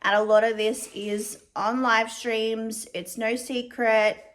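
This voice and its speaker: A young adult woman giving casual commentary as a vlogger, chatty and measured, with frequent fillers. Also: a little high, level tone.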